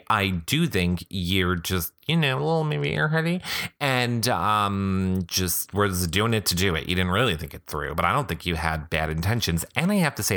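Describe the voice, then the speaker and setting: Male podcast host, low but bright voice, lively, self-interrupting comic reader. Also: creaky. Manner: animated, interrupts himself, quick asides. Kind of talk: comedic blog reading with commentary. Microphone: podcast microphone.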